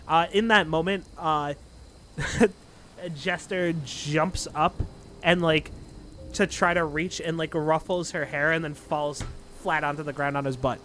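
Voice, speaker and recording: High-voiced guy running a tabletop game, rambly, lots of um and like. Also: fairly even intonation, unhurried, sharp tone, slight background noise. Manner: rambling, filler-heavy, casual. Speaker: dungeon master.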